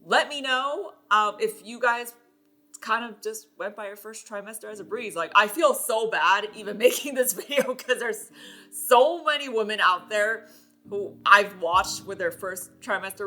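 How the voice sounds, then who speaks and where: A young woman talks straight to the camera in a loose, chatty vlog style. She fills her talk with fillers and laughs often, in a bright voice at a middle pitch. Faint music plays behind her. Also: moderate pace. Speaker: vlogger. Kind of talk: casual chat to camera.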